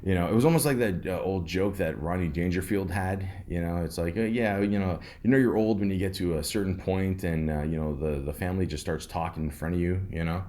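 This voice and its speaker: A man's voice: deep voice, brisk, darkish tone. A middle-aged man hosting a podcast, telling a story in a rambling, sarcastic way with lots of fillers and restarts. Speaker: podcast host. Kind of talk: casual storytelling monologue.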